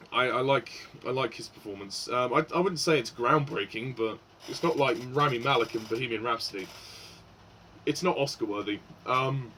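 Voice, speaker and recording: A man's voice: medium pitch, a bit bright, a little hiss or hum, rough recording. A man giving a casual spoken film review, hesitant, with many fillers and restarts.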